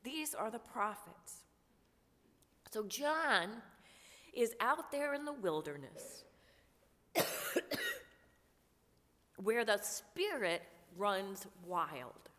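A woman pastor preaching a sermon while fighting a cold, in a slow, measured, prayerful way. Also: mid-range voice, animated, a bit bright. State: has a cold, coughing. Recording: long church reverb.

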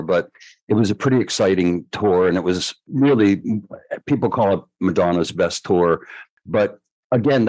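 A man's voice: lowish voice, no room sound, poor audio. An older man, a choreographer guest, telling stories in a podcast interview and acting out the voices of people he quotes. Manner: lively storyteller who acts out quoted voices.

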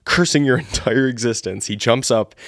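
A man's voice: mid-range voice, normal speed, vocal fry, a bit bright, no echo, clean studio sound. A man casually reading an AI-written adventure story live for the first time, laughing at it along the way. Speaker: storyteller and host.

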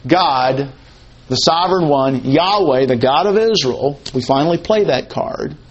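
Guy teaching a bible study, kinda high voice, chatty, leans hard on quoted words, faint hiss behind. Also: dull audio. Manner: conversational, explains Hebrew word order, quotes text slowly with emphasis.

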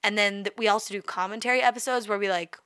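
A woman's voice: mid-range voice, steady tone, quick pace, a bit bright, smooth, dry recording, studio quality. A young woman co-hosting a podcast, chatting casually, rambling and swearing freely. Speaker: podcast co-host. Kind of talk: casual chat.

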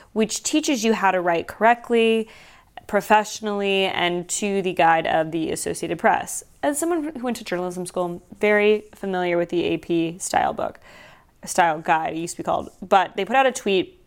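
A woman hosts her own show alone, her voice sitting a little low and full of vocal fry. She talks casually with a sardonic, animated edge and slows into softer reflection at times. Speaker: podcast host. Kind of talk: casual solo commentary.

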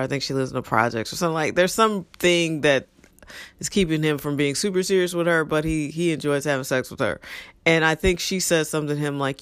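A woman telling stories from her past in a blunt, animated, profane way, acting out what people said. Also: sits low, no room sound. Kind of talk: casual storytelling monologue.

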